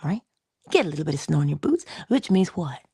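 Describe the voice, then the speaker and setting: A woman giving a conversational motivational talk, coaching her listener and dropping into soft whispers for emphasis. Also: low-pitched, sing-song, fast talker, slightly rough, dry recording, clean studio sound. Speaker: inspirational speaker.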